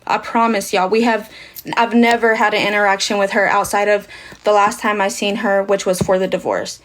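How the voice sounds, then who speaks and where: A woman's voice: mid-range voice, fairly bright tone. A young woman, chatting casually on a livestream and answering viewer questions with emphatic asides to her audience.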